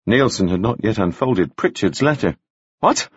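A man narrating an audiobook with a very expressive delivery. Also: fairly low pitch, brisk, slightly rough, no echo. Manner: very expressive, wide-ranging delivery. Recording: dry, slightly dull audio.

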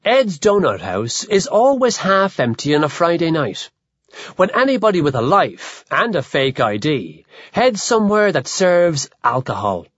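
Expressive audiobook narrator, dry and muffled. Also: mid-range voice, no room sound. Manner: measured, expressive storytelling.

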